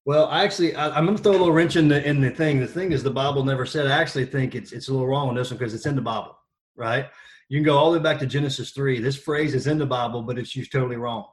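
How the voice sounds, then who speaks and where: A man in his thirties talking as a podcast guest, energetic and joking as he tells stories. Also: mid-range voice, racing. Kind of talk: casual podcast conversation.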